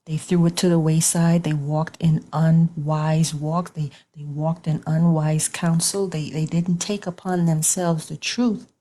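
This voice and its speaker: A woman's voice: sits low, little pitch movement, a little slow, hardly any pauses, warm tone. A woman giving an informal online sermon as a Bible teacher, conversational and repetitive, with colloquial grammar.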